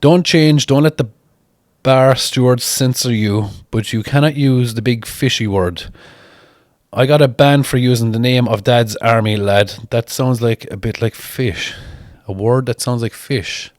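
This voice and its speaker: A man's voice: mid-range voice, measured pace, no echo, clean studio sound. A man, chatting casually as he reads viewer comments aloud and answers each one in a blunt, mocking, sweary way. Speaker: strongman reading viewer comments. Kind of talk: casual chat.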